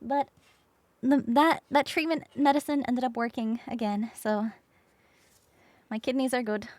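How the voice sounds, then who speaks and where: Woman streamer rambling through a story, kinda high voice, dry close mic, acts out people, swears casually. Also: steady tone, a little slow, a little mellow, no echo. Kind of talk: casual storytelling while crafting.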